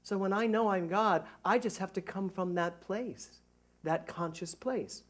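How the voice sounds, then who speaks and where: A middle-aged man, a minister, giving a conversational sermon to a congregation, animated and joking at his own expense. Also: high voice, unhurried. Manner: animated, jokey, self-mocking. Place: church service before a congregation.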